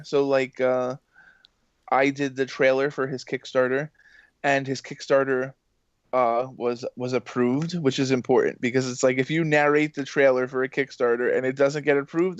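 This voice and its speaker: A man, a voice actor and games journalist, telling rambling podcast stories in an excitable way, full of fillers and acted-out quotes. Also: mid-range voice, normal speed, dry recording. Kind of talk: casual podcast storytelling. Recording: muffled dry podcast audio.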